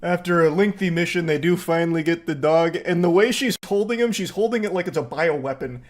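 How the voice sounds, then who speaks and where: A man's voice: high-pitched, quick pace, few pauses. Sarcastic male commentator. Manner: sarcastic, joking, swears. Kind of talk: reaction commentary.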